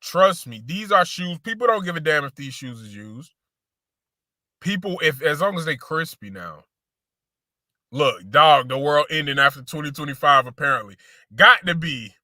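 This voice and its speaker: Brief: male sneaker vlogger, fairly high, very bright voice, loose slangy delivery full of repeats, dry close recording. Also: animated, normal speed, no room sound. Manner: slangy, repeats phrases, addresses viewers as y'all. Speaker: sneaker show host. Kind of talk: casual sneaker commentary.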